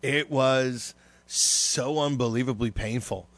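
A man's voice: mid-range voice, takes it slowly, fairly bright tone, dry recording. A man co-hosting a radio talk show, telling a rambling, emotional story with plenty of profanity. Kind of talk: casual podcast chat.

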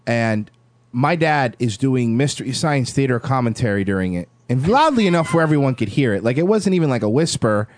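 A man in his thirties, a podcast host telling a story in casual chat, animated and laughing. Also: medium pitch, a little fast, no echo. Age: 30s.

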